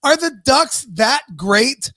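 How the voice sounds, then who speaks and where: A man's voice: extremely high pitch, sing-song, takes it slowly, sharp tone, no room sound, studio quality. A man co-hosting a casual live-stream podcast, ranting and swearing freely. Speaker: podcast co-host.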